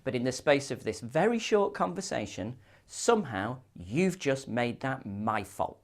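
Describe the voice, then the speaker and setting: A man voices a smug, literal-minded dog walker. He sounds matter-of-fact and pointed, and his pitch moves a lot. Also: very animated, a little slow.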